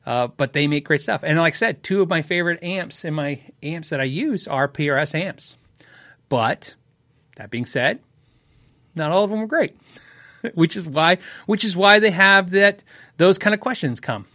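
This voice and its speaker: A man's voice: a little high, expressive, normal speed, pushed and bright, no echo. A man hosting a casual live question-and-answer show, rambling, correcting himself and chuckling often. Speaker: host answering viewer questions.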